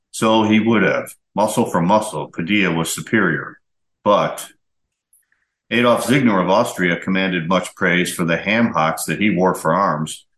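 A man with a low, deep voice reads old magazine pieces aloud as a podcast host. His delivery is steady and measured, and the room adds a noticeable echo. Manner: steady, measured storytelling read. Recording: roomy echo.

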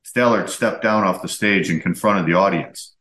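A man with a low, deep voice reads old magazine pieces aloud as a podcast host. His delivery is steady and measured, and the room adds a noticeable echo. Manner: steady, measured storytelling read. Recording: roomy echo.

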